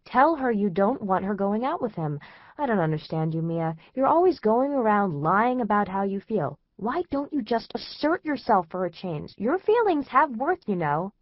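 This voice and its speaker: A woman's voice: medium pitch, sing-song, moderate pace, no echo, muffled recording. A woman reading as a blunt, bossy teenage girl who lectures her best friend. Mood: insistent. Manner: pushy, lecturing.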